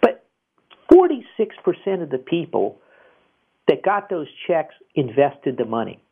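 A man with a somewhat high, gravelly and husky voice hosts a call-in money advice radio show. He talks casually and rambles, stumbling over repeated restarts. The sound is thin and tinny, like a phone line. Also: big pitch swings, a little slow.

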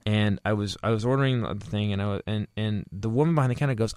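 A man who is a stand-up comedian, telling stories in a casual podcast chat, quick and profane, with frequent restarts. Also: lowish voice, clear, resonant tone, no room sound, studio quality. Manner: fast, profane, animated storytelling with quick restarts.

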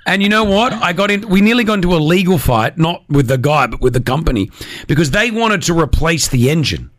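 A man hosting a breakfast radio show in a studio, telling stories in an animated, jokey way. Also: on the high side, brisk, no echo. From Australia. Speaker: radio host.

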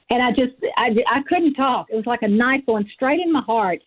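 A woman in her forties tells a heartfelt personal story as a guest, her voice set a little high and often acting out her own past words. The recording sounds dull and lo-fi. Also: animated, normal speed, slightly rough. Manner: earnest, emotional, quotes herself often. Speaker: guest author. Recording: dull lo-fi audio.

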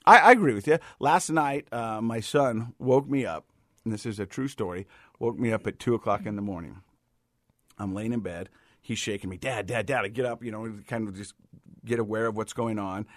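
A middle-aged man from the United States hosting a casual chat, an animated storyteller who often repeats words. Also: fairly low pitch, normal speed, no room sound, studio quality. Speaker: podcast host.

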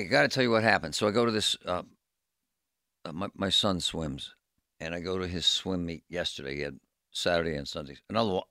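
Deep, low-pitched man with a forceful, edgy tone, ranting through a story on a radio talk show. He talks in an animated, worked-up way. The studio mic sound is dry and close. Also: no room sound. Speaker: radio co-host. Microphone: studio microphone.

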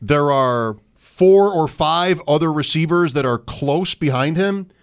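A man's voice: on the high side, lively intonation, measured pace, smooth. A man co-hosting a casual fantasy football chat, thinking aloud and rattling off player names. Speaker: co-host.

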